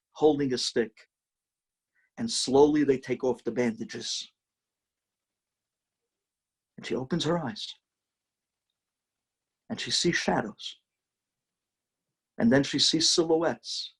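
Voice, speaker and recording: Husky rabbi telling a dramatic story. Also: male voice, medium pitch, slow, pauses often. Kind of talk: sermon storytelling.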